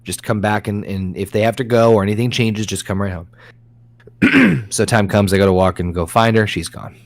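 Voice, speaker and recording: A man's voice: on the low side, expressive, normal speed, vocal fry. A man telling family stories in casual chat, swearing often and restarting his sentences. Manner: profane, rambling, self-interrupting.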